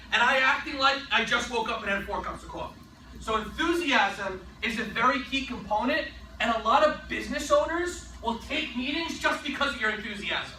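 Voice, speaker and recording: A man giving a sales training talk, energetic and emphatic, often tossing in a rhetorical "right?". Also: extremely high pitch, roomy sound, far from the mic, slight background noise, low-quality recording.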